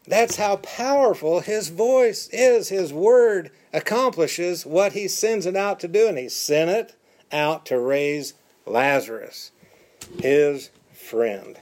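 A man preaching a sermon, switching between calm teaching and animated, dramatic quotes. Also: on the high side, unhurried. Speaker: pastor.

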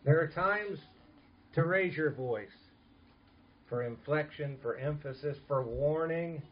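Male pastor, earnest emphatic sermon, fairly high voice, dull lo-fi sound. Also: takes it slowly, slight background noise. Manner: earnest, emphatic preaching with soft asides.

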